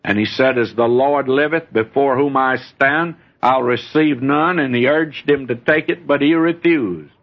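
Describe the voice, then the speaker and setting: A man preaching a sermon, telling stories in a folksy way and reading scripture aloud, with a husky voice. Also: mid-range voice, unhurried, few pauses. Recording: dull lo-fi recording.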